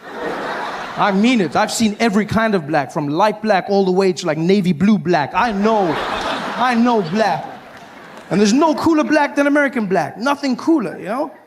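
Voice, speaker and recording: A South African man performing stand-up comedy, animated and acting out voices, recorded live on stage. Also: high-pitched, moderate pace, noisy background. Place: live comedy venue with audience.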